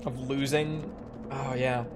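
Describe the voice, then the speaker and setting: A man's voice: medium pitch, level tone, slow, music in the background. Chatty male gamer narrating play. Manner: chatty, joking, thinking aloud. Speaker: gaming video creator. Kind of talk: casual gameplay commentary.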